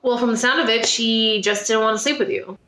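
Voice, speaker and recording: A woman playing a patient, exasperated dating coach. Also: fairly high pitch. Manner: calm, measured, growing exasperated. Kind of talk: comedy sketch podcast. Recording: roomy, echoey sound.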